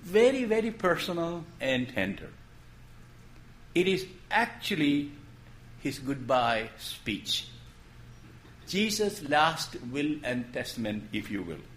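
A man preaching a sermon in a gentle storytelling way, posing questions and then dropping his voice to make a point. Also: fairly high pitch, sing-song, takes it slowly, pauses often, slight background noise. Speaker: pastor.

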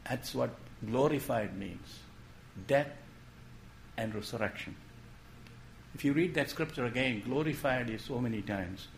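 A man preaching a sermon in a gentle storytelling way, posing questions and then dropping his voice to make a point. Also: medium pitch, a little slow, pauses often, slight background noise. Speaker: pastor.

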